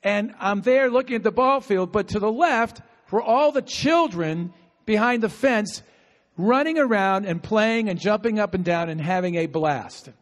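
Male preacher with a high voice, lively and chatty, coaxing the crowd to answer back. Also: measured pace. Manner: animated, talkative, with bursts of laughter and call-and-response. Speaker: pastor. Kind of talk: sermon. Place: outdoor gathering with insects audible. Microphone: no microphone at times.

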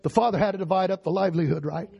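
A man's voice: high voice, racing, vocal fry, slightly rough, lo-fi sound. A man preaching a sermon in an emphatic way, firing questions at his congregation.

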